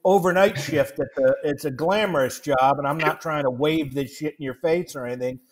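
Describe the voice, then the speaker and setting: A man's voice: fairly high pitch, a little fast. Dry joking guy on a podcast, sarcastic little asides. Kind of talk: casual chat.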